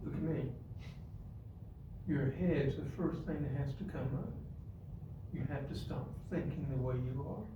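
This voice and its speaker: A male preacher giving a sermon, dropping to quiet asides and rising to loud, emphatic points as he directs the congregation. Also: medium pitch, unhurried, long pauses, highs cut off. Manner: acts out stories and gives the congregation physical directions. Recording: echoey hall, mic far off, faint room noise.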